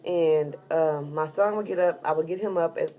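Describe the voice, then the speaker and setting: A woman's voice: sits low, moderate pace, warm tone. A heavily pregnant woman telling a rambling, casual story in a vlog, full of fillers. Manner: chatty, rambling with many fillers. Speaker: vlogger giving a pregnancy update.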